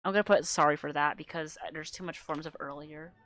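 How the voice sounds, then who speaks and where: A woman's voice: sits low, steady tone, fast talker, fairly bright tone, faint music behind. A woman streamer reading her own webcomic aloud, giggly and rambling, swearing casually. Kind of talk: casual live-stream commentary.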